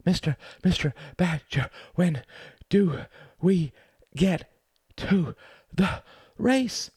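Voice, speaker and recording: A man's voice: fairly low pitch, expressive, a little fast, dry recording, clean studio sound. A man voicing a small, timid male mouse in a storybook, stammering and panting. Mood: nervous. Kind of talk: storybook reading.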